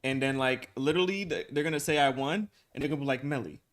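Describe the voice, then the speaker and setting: A young man streaming live, chatting casually with his viewers in animated slang and laughing often. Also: medium pitch, fast. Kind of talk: casual livestream chat with viewers.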